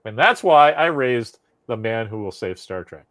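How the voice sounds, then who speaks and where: A man's voice: mid-range voice, moderate pace, crowd noise. Profane, ranting man on a podcast. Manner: animated, profane ranting with frequent laughs. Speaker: podcast co-host. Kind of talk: casual chat.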